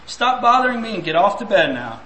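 A man's voice: high-pitched, sing-song, normal speed, pushed and bright, echoey room, pitched above the performer's own voice, heavily acted. A man voicing an irritable father who growls impatiently at his son in a sermon story. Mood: irritated. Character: irritable father, gruff and dismissive.

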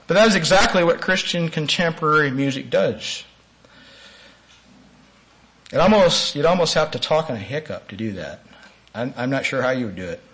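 A man preaching a sermon-style lecture, earnest and emphatic, with sudden rises in pitch and volume and some slowed, stressed phrases. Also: a bit bright, poor audio.

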